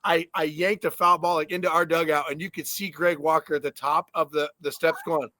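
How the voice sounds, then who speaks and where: A man co-hosting a sports podcast, an animated storyteller who swears in casual chat. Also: on the high side, fairly quick, dry recording. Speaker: podcast co-host, former player.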